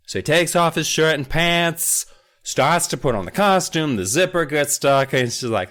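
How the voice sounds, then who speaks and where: Guy on a book podcast, super lively voice, keeps doing silly character voices. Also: fairly high pitch, moderate pace. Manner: animated, jumps into funny character voices. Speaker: podcast co-host. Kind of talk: casual book discussion and reading.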